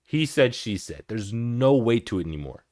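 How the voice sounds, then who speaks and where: A man's voice: medium pitch, very animated, moderate pace. A man whose first language is German, giving casual reaction commentary as a music reaction host, exasperated and mocking.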